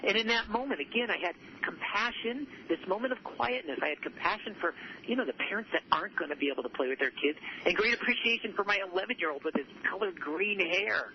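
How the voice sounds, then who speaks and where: A man's voice: high-pitched, animated, quick pace. A man being interviewed about his book, telling stories in an earnest, upbeat way with frequent restarts. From southern California. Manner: earnest, repeats himself, upbeat. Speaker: author and guest. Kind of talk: conversational interview storytelling. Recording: muffled audio with faint noise.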